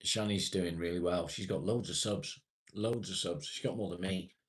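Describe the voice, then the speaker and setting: Deep husky-voiced British man chatting. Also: steady tone, moderate pace. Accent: British English. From England. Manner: rambling, chatty with viewers, swears casually. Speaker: live streamer. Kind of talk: casual livestream chat.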